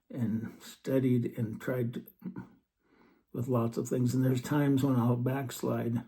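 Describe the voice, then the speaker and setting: Gravelly guy doing a scripture talk, flat steady delivery, dark mellow tone, earnest. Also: mid-range voice. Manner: earnest, reads verses slowly then comments. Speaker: religious teacher.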